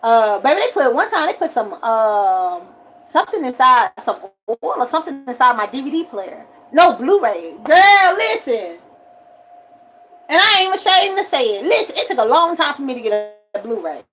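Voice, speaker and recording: A forty-year-old woman, telling a story on a casual livestream and swinging from loud outbursts to quiet asides. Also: high voice, very animated, moderate pace, low-quality recording. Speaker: livestream host.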